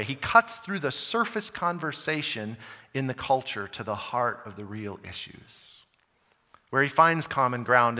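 A man's voice: mid-range voice, big-room sound. A man preaching a sermon as a pastor from the United States, talking conversationally and then suddenly hitting words hard. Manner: emphatic, conversational preaching with wide swings in loudness.

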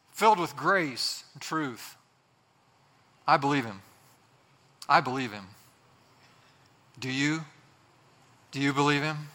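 Emphatic preacher man, bright voice. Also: mid-range voice. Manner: emphatic, repeating phrases for effect. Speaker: pastor. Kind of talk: sermon. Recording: long hall reverb.

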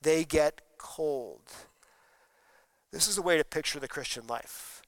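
A man's voice: on the high side, measured pace, a bit bright, no echo, poor audio. A man preaching a sermon as pastor, conversational and asking the congregation questions. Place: church sanctuary during a service.

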